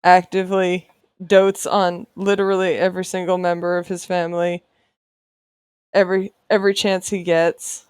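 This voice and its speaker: A woman's voice: on the low side, little pitch movement, normal speed, darkish tone, smooth, dry recording, clean studio sound. A woman artist chatting casually while she draws on a livestream, playful and sarcastic, often laughing. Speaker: artist streamer. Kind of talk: casual chat while drawing on stream.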